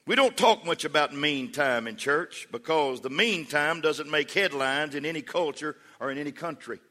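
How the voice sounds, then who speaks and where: A man with an American accent preaching a sermon with animated storytelling. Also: a little high, moderate pace. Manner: animated storytelling, acting out voices.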